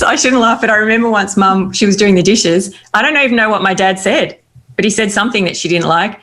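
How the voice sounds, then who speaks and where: A woman's voice: medium pitch, fairly bright tone. A woman guest on a talk show, earnestly and reflectively recounting personal experiences in candid conversation. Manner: earnest, reflective, with frequent restarts.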